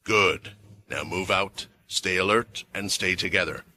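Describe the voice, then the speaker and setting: A man's voice: low-pitched, a little slow, pushed and bright, pitched below the performer's own voice, exaggerated voice. A man voicing a big, harsh male expedition commander in a fantasy story recap, stern and barking orders. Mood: cold, menacing.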